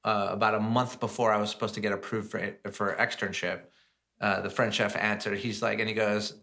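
A man, a chef and guest on a podcast, telling his stories in a casual, animated way with plenty of fillers. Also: lowish voice, brisk, vocal fry. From United States. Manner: animated, lots of fillers and acted-out quotes. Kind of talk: casual storytelling chat.

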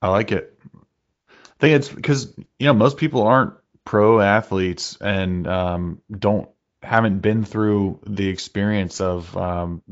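A male podcast host in a casual interview, chatty and friendly, asking reflective questions. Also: low voice. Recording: slightly dull, lo-fi sound.

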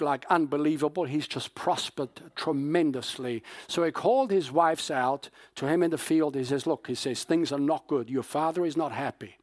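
A male pastor preaching in a fairly high voice, telling the story with lively acted-out quotes and casual fillers. The sound is dry and close. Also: no room sound. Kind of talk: sermon.

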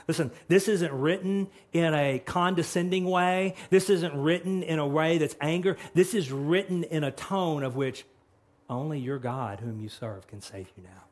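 A male pastor delivering a sermon with dramatic flair, his voice sitting a little high for a man. He swings between hushed, earnest stretches and loud, animated retellings of scripture dialogue. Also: normal speed.

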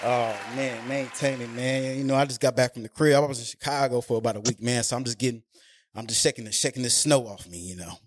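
A man hosts a podcast in easy, slangy conversation and keeps checking in with his listener. His voice sits at a middle pitch. The sound is dry and close, with no room around it. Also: no room sound. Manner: loose, slangy, drawn-out talk with frequent "you know what I mean". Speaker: podcast host. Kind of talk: casual podcast chat.

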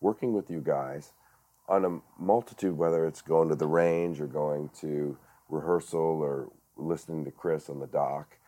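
A man's voice: rumbling low, fairly even intonation, normal speed, warm tone. A man, a director and actor, talking earnestly in a casual podcast chat, with frequent restarts and fillers. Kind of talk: casual conversation.

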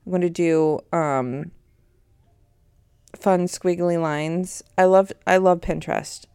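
A woman's voice: fairly low pitch, steady tone, slow pace, a little mellow, clean tone, no echo, clean studio sound. A woman in her thirties hosting a podcast in a rambling, chatty way, easily sidetracked mid-sentence. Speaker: podcast host. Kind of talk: casual chat.

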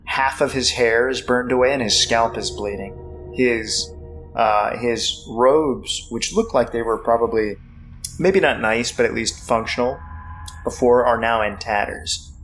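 A young man narrating as game master of a tabletop game, slow and halting with many fillers. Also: medium pitch, fairly bright tone, soft background music, poor audio.

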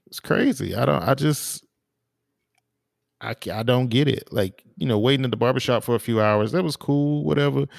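A man co-hosting a podcast, telling stories in a relaxed, casual way with lots of fillers and restarts. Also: mid-range voice, normal speed, gravelly, no echo, studio quality. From small town in the US. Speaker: podcast co-host. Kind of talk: casual chat.

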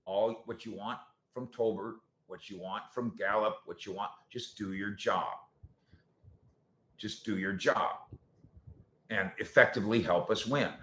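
The host of a sports talk show responds to viewer comments in a lowish voice, at a measured pace with long pauses. Animated and sarcastic, he moves between loud points and quiet asides, and the room echoes noticeably.

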